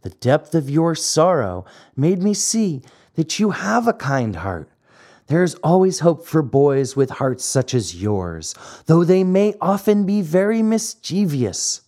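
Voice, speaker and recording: A man voicing a gentle but firm motherly fairy in an audiobook, speaking in a soft, calm, instructive way. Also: on the high side, measured pace, pitched above the performer's own voice. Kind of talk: audiobook character reading.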